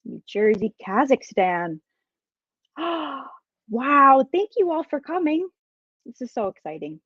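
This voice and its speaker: A woman guest-hosting a live podcast, bubbly and excitable, greeting viewers with lots of exclamations. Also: a little high, unhurried, dry recording. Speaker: guest host. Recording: dry, slightly dull sound.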